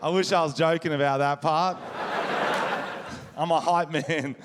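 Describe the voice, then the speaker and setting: Recorded at a live show with audience noise, this Australian-accented comic from Wollongong speaks unhurriedly in a fairly high, steady voice. His stand-up on stage is crude and brash, with plenty of crowd work.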